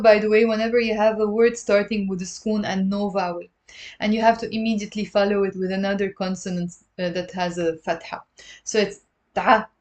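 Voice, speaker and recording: A woman teaching a live-streamed language lesson, patiently repeating words slowly for her learners. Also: medium pitch, a little mellow. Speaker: Lebanese Arabic teacher. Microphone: livestream camera mic.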